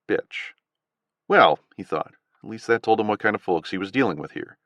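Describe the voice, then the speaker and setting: Low-voiced man narrating expressively. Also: expressive, normal speed, sharp tone, no room sound, clean studio sound. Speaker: audiobook narrator. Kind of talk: scripted narration.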